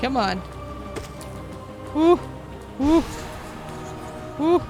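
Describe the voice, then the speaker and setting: A young adult woman streamer talking through a video game, expressive, laughing and yelling at the game. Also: high-pitched, extremely slow. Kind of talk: gaming commentary. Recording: game music behind the voice.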